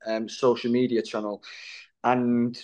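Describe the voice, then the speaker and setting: A man's voice: mid-range voice, level tone, a little slow, a little mellow, dull audio. A man guesting on a podcast as an actor, talking casually in a rambling, matey way with plenty of ums. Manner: rambling, matey, storytelling with filler words. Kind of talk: casual interview chat.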